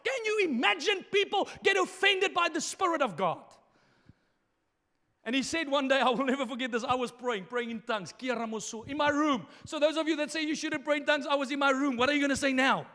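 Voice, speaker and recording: A man preaching a sermon as pastor, impassioned, moving between quiet asides and shouted lines. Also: extremely high pitch, expressive, a little fast, in a large hall.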